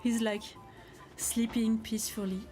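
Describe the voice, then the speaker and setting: A woman's voice: a little high, level tone, measured pace, dark tone, faint music behind. Chatty woman hosting a livestream. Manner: chatty, giggly, encouraging. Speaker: craft livestream host. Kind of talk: casual live chat reading comments. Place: home craft space.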